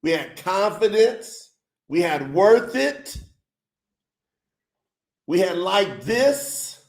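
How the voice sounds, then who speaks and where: Chatty upbeat guy hosting a livestream, kinda high voice, slow easy talk, roomy echo. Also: sing-song. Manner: upbeat, chatty, reads comments aloud and laughs often. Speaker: livestream host. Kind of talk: casual livestream chat.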